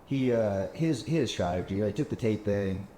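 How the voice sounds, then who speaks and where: Man, low voice, casual host, rambling storyteller, echoey room. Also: lively intonation, moderate pace, warm tone. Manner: rambling storyteller, acts out quoted talk. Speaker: podcast host. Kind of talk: casual chat. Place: penthouse apartment. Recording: echoey room, faint background hum.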